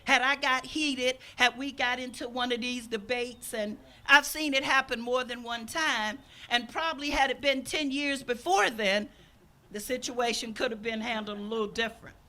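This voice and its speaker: Older woman pastor, fairly high and bright, lively storytelling sermon. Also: moderate pace. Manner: storytelling, acts out quoted speakers. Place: outdoors.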